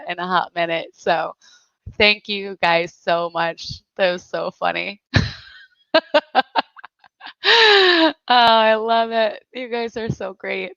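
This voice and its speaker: A woman's voice: medium pitch, fairly even intonation, vocal fry, fairly bright tone, clean tone, no room sound. A woman hosting a casual livestream chat, laughing often as she reads out viewer messages. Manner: giggly, laughs often while reading chat; slow, unhurried speech. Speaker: livestream host. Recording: dry, slightly dull lo-fi sound.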